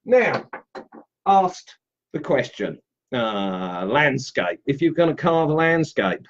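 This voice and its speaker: Chatty man, lively voice. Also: mid-range voice, takes it slowly, lo-fi sound. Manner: chatty and upbeat, greets viewers while carving. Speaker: woodcarving instructor live-streaming. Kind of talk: casual live demo, chatting with viewers.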